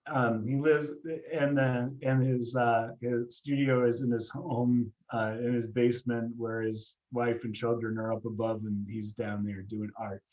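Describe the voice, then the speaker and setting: A man hosting a live online comics reading on a video call, talking casually with many pauses and fillers. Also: medium pitch, level tone, darkish tone, highs cut off. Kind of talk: casual event introduction. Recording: roomy echo.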